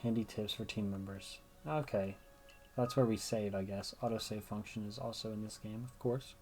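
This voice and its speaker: A man's voice: on the low side, fairly even intonation, moderate pace, darkish tone, soft background music. A man giving chatty gameplay commentary, thinking aloud as he plays. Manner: chatty, thinks aloud, reads game dialogue. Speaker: gamer.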